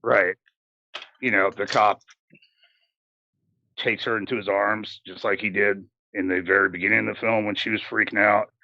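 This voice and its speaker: Male podcast co-host, low-pitched and forceful, casual rambling film recap, dry lo-fi sound. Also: little pitch movement, normal speed, long pauses, no echo. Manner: rambling recap with fillers and swearing. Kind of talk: casual film review chat.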